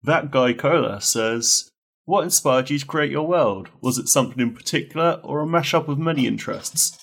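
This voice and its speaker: A man with a gravelly, creaky voice reads out listener questions on a gaming podcast. He speaks in a measured, dry manner, keeping it casual. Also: medium pitch, a bit bright. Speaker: podcast player.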